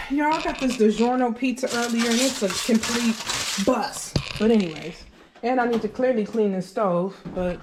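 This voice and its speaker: A woman's voice: fairly high pitch, a little hiss or hum. A woman vlogging in her home kitchen, filming on a handheld phone as she cooks and chats to viewers. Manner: chatty, animated, talks straight to viewers. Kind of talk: casual vlog storytelling while cooking. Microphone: handheld phone camera.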